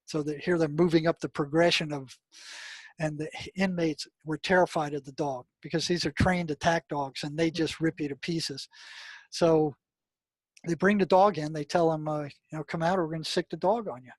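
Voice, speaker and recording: Brief: older male interview guest, slightly high voice, dry close sound, emphatic with lots of fillers. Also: steady tone, normal speed, no echo. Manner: emphatic storyteller, many "I mean" and "you know" fillers. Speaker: guest, retired mental health practitioner. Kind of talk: storytelling interview talk.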